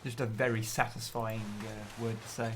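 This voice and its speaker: Relaxed man co-streamer, easy laughter. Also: lowish voice, moderate pace, background noise. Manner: relaxed, reads chat aloud, easy laughter. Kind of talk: casual gaming livestream chat.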